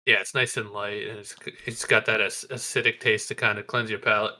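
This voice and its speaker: A man's voice: on the low side, level tone, brisk, sharp tone. A man chatting casually on a podcast, joking and teasing his co-host and laughing often.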